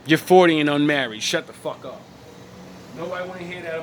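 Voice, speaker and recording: A man's voice: on the high side, a little fast, noisy background. A man from the United States giving a blunt, profane rant as a vlogger, mocking his targets and laughing between points. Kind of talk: ranting opinion monologue.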